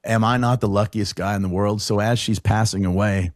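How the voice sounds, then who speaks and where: Appearing as a podcast guest, this deep-voiced middle-aged man, who also produces the show, tells a heartfelt story from his life. He keeps his intonation fairly even but speaks haltingly, often stopping and starting over. The mic is close and dry with no room sound.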